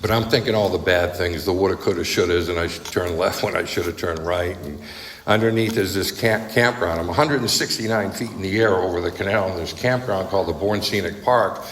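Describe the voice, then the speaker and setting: Deep-voiced and fairly bright in tone, this man speaks a little fast as he recounts his story at a recovery meeting. His delivery is blunt and conversational, full of tag questions such as "right?" and "okay?", in an echoey hall with faint noise.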